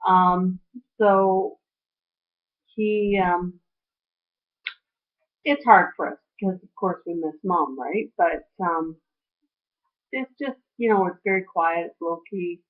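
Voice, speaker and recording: A woman's voice: on the low side, takes it slowly, pauses often. Rambling middle-aged woman on tinny audio. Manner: rambling, heartfelt, trailing off with fillers. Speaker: weight-loss surgery vlogger. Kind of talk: casual personal update. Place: at home.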